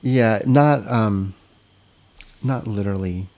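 Male podcast host, fairly low and mellow voice, casual, hedging, filler-heavy. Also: slow pace. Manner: casual, hesitant, many fillers. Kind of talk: podcast interview.

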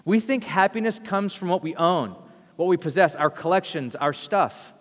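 A man's voice: high-pitched, lively intonation, moderate pace, long reverb tail. A man preaching a sermon as pastor, conversational and storytelling, acting out quotes.

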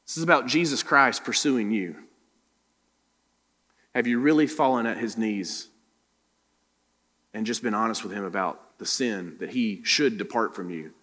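A man's voice: mid-range voice, normal speed, fairly bright tone, in a large hall. A man preaching a sermon as pastor, pressing the congregation with direct questions. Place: church room.

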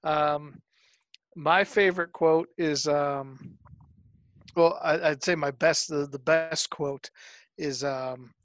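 A man's voice: on the high side, steady tone, takes it slowly, no room sound. A man hosting a casual chat, talking with many stumbling restarts and acting out film quotes as he goes. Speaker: podcast host.

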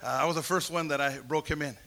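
A man tells his testimony as a sermon, playing out each person in his story and climbing to shouts. His voice sits high and sounds gravelly. It also has a bright, husky edge. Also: fast. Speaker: preacher giving testimony.

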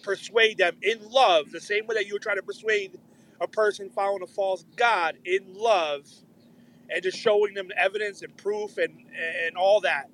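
A man's voice: high-pitched, steady tone, moderate pace, a bit bright, rough recording. A man calling into a casual Christian discussion who apologizes often and repeats himself.

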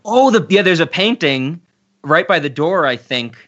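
A man talking casually as podcast co-host, relaxed and laughing as he talks. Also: a little high, normal speed, muffled recording. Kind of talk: casual film discussion.

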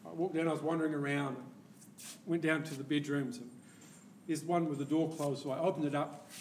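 A man's voice: a little high, a little fast, slight background noise. Man preaching. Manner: animated storyteller, laughs often, acts out quoted voices. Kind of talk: sermon storytelling. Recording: echoey hall, heard from a distance.

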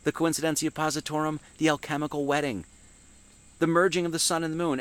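A man with a slightly high voice teaches scripture in a loose, conversational way. He keeps posing questions and answering them himself, and he lifts his voice when he reads verses aloud. The recording is dry and close, with no room echo. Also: fast talker, fairly bright tone. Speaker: teacher giving a Sunday Bible talk. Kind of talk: informal esoteric Bible teaching.

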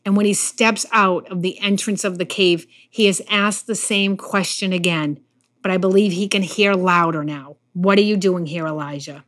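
A woman preaching a sermon in an earnest way, sometimes acting out the lines of the figures in the story she tells. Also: mid-range voice. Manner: earnest, acts out the Bible figures' lines in quotes.

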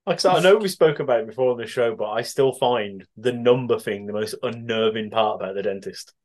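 A man co-hosting a podcast in relaxed, sweary casual chat, laughing along. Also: mid-range voice, a little fast. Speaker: podcast co-host.

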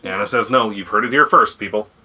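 A woman's voice: rumbling low, fast talker, sharp tone. A woman hosting a casual family podcast, playful and jokey, laughing easily at her own puns. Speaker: podcast host.

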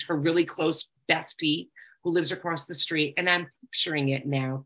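A woman's voice: low voice, creaky, pushed and bright, husky. A woman giving candid personal testimony to a group, talking conversationally with frequent fillers. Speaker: recovery group speaker.

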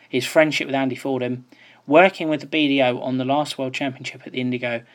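A man hosting a darts podcast, reading a news roundup and then interviewing a guest in a measured, informative way. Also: medium pitch. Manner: measured, informative, uses fillers.

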